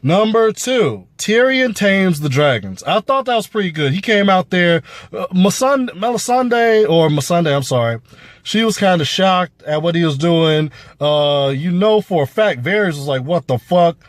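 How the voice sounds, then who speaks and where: A man's voice: high voice, expressive, moderate pace, no echo. A man giving a casual, profane review of a TV episode, rambling with lots of fillers. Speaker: show reviewer.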